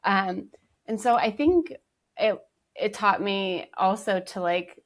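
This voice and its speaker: A woman's voice: medium pitch, animated, slow pace. Reflective woman podcast guest. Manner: reflective, careful storytelling with fillers. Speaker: podcast guest, energy healer. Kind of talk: casual podcast chat.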